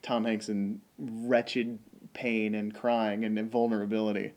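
A man's voice: lowish voice, flat delivery, a little slow, a little mellow. A man co-hosting a podcast, talking casually about a movie with lots of fillers and restarts. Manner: chatty, many fillers and restarts. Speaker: podcast co-host. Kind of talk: casual film discussion.

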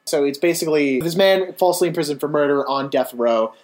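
A man's voice: fairly high pitch, fairly even intonation, fairly quick, darkish tone. A man hosting a podcast, chatting casually and teasing his guest in a playful, joking way. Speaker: podcast host. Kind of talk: casual chat.

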